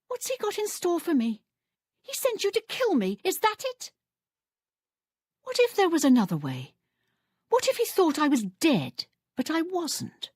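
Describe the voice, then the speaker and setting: A woman's voice: high-pitched, a little mellow, dry recording, studio quality, full character voice. An actress voicing a cunning female thief who speaks in a sly, scornful way, from a fantasy video game.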